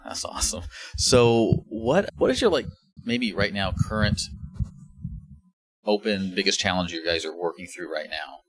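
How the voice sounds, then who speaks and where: A man hosting a podcast in a casual interview, asking long, rambling questions in a relaxed way. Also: low-pitched, normal speed. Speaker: podcast host.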